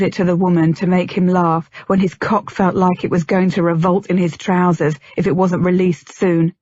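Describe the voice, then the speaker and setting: A woman reading a novel aloud in a steady, measured way as an audiobook narrator. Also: lowish voice, dry recording. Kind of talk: scripted narration. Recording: dull lo-fi, dry.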